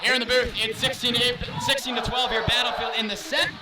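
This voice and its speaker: A man's voice: very high voice, level tone. A man calling a volleyball game play by play from a booth in a school gym, raising his voice as he loses it. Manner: rapid, raised play-by-play calling. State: losing his voice. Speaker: play-by-play announcer. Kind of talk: live sports commentary. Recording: distant mic, loud crowd noise. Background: loud cheering crowd.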